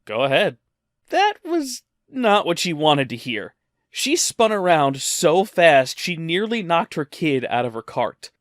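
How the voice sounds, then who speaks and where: Male storyteller, conversational and wry, lively pitch, dry recording. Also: a little slow, no echo. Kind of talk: storytime narration.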